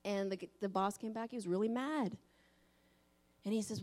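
A woman preacher giving a sermon in an animated storytelling manner. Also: medium pitch, moderate pace, pauses often.

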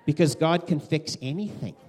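A man preaching a conversational sermon, animated, acting out quoted voices with big swings. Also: on the high side, moderate pace. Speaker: pastor.

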